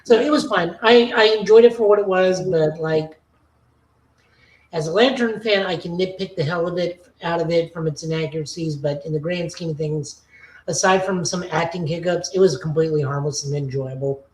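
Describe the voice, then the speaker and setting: Opinionated low-voiced woman in a roomy recording. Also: normal speed, a little mellow. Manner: opinionated, nitpicky review, frequent fillers. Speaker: podcast co-host. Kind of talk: casual podcast chat.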